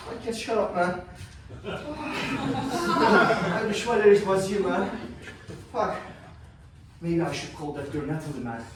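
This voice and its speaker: A high-voiced, cocky young guy, as an actor plays him, rattled and swearing through a restless stage monologue. The sound is very echoey, and the mic sits some way off. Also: noisy background. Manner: profane, rambling, restless. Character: cocky, rattled young man ranting about family. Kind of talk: theatrical monologue. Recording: echoey room, mic far off.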